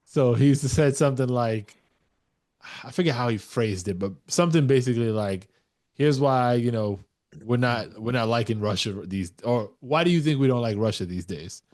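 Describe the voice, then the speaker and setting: A New York man co-hosts a dads' podcast, telling stories animatedly and swearing casually in a relaxed chat. His voice is medium-pitched and a little mellow, at a moderate pace.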